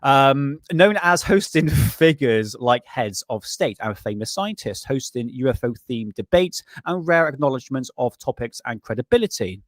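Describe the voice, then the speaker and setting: A man's voice: mid-range voice, animated, normal speed, few pauses, no echo, studio quality. A middle-aged British man hosting a casual livestream, reading aloud from an old magazine in a rambling, joking way with crude asides and chuckles. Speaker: livestream host.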